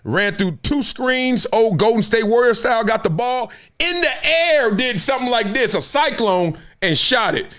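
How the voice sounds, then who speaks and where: A man in his fifties hosts a casual sports talk show in an extremely high-pitched voice, speaking at a moderate pace with few pauses. He's slangy and laughs often, an animated storyteller who acts out stories and quotes as he tells them.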